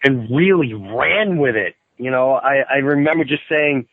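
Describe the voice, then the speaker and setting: A man calling in as a guest, telling a story in an animated way and acting out what people said. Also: unhurried, no room sound. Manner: excitable, acts out quotes in shrill outbursts. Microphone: phone call. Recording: tinny dry phone line.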